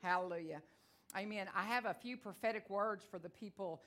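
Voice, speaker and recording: A woman from Texas with a Texan twang, a guest preacher telling her testimony in a folksy storytelling way and building to fervent, loud declarations. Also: medium pitch, fairly quick. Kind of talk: testimony sermon.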